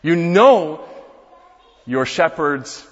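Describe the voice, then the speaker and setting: A man's voice: a little high, animated, drawn-out words. A young male pastor delivering a sermon, earnest and building to emphatic rhetorical questions. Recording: muffled, echoey church hall.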